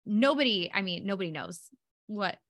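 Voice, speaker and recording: A young adult woman, hosting a casual podcast chat and telling stories in a chatty, animated way. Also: medium pitch, normal speed, no room sound, studio quality. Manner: chatty, animated storytelling with laughs. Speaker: podcast host.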